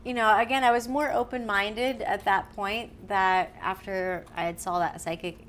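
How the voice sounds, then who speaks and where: A woman appearing as a podcast guest tells a story in casual conversation, animated and laughing often as she acts out what other people said. Her voice is mid-range and her pace moderate, with a little hiss or hum on the recording.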